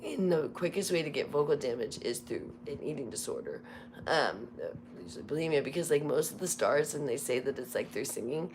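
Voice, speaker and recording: Hoarse low-voiced woman, candid chat. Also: very animated, fairly quick, background noise. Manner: candid, confessional, rambling. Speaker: livestream host. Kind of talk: casual live chat. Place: Las Vegas home.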